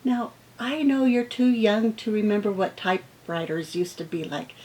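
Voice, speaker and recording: A middle-aged woman teacher reading picture books aloud to children, acting out the sound words with animated expression. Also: mid-range voice, low-quality recording. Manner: slow, gentle pace.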